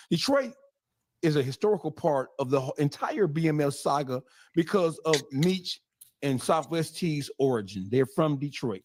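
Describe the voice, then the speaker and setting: A man's voice: on the high side, a little mellow. A man in a played clip talking in a brash, swaggering, profane way about his channel and a city's history. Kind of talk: boastful podcast talk.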